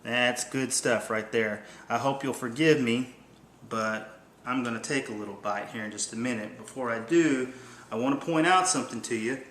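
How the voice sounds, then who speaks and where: A man, hosting a casual cooking demonstration in a kitchen, talking in a relaxed, folksy, plain-spoken way. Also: mid-range voice, moderate pace, a little hiss or hum. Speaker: company host demonstrating cooking. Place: indoor kitchen. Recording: roomy kitchen echo.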